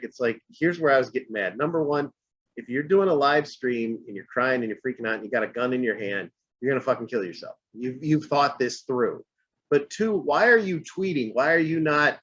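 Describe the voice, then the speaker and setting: A man co-hosting a podcast, telling a story in an animated way and getting worked up. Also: medium pitch, brisk, breathy edge. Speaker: podcast co-host. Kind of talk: casual podcast chat. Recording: dull lo-fi audio.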